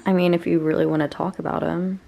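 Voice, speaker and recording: A woman's voice: on the low side, flat delivery, fast, vocal fry, warm tone, low-quality recording. A woman vlogging her day in a chatty, bubbly way, full of "like" and "um". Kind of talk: casual day-in-the-life vlog chat.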